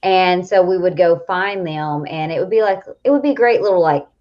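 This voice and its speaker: Animated Southern woman coach, lo-fi. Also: fairly low pitch, normal speed. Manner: animated, laughing, rambling. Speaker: coach, co-host. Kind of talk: casual chat. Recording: dull lo-fi audio.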